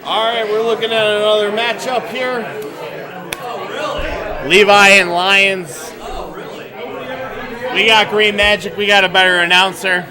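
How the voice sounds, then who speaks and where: A man calls a retro game tournament in a loose, joking way and swears freely. He talks slowly in a fairly high voice. A busy crowd chatters in the hall behind him. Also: flat delivery. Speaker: stream commentator. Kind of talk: casual commentary.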